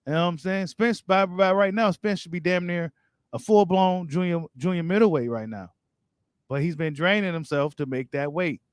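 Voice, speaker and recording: A man's voice: high-pitched, normal speed, clear, resonant tone, no echo, studio quality. A man hosting a boxing live stream, reading viewer comments and giving his take in casual, slangy talk straight to his viewers. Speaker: boxing channel host.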